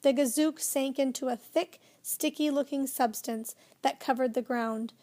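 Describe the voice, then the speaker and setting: High-voiced woman reading a storybook. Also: a little slow, dark tone. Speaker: audiobook narrator. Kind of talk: children's storybook narration.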